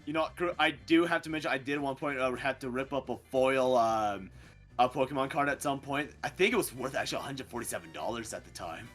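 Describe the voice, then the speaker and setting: A young man competing on an online game show, chatting casually, quick to laugh and full of "like". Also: mid-range voice, faint music behind. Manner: animated, quick to laugh, filler-heavy. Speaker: contestant. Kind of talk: casual chat.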